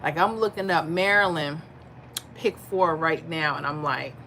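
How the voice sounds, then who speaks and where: A woman's voice: sits low, measured pace, sharp tone, a little hiss or hum. A woman hosting a casual livestream, chatting with viewers and answering their comments in a candid, tired way. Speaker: livestream host reading chat.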